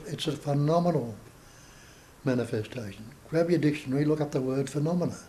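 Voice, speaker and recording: A man, a spiritual teacher, giving a measured talk to a small group and posing rhetorical questions as he explains. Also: medium pitch, a little hiss or hum, rough recording.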